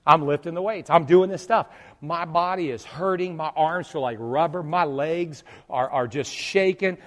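A middle-aged male pastor telling a humorous story in a sermon, jumping from loud exclamations to quiet asides. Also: on the high side, normal speed, in a large hall.

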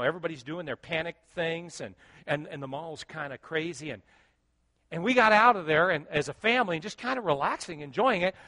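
A middle-aged male pastor telling a story in a sermon, animated and joking, acting out what people said. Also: high-pitched. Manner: animated, joking, acts out quotes.

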